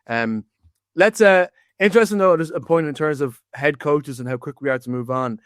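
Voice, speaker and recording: Irish man, podcast host, animated casual sports talk, slightly high voice, dry. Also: normal speed, no echo.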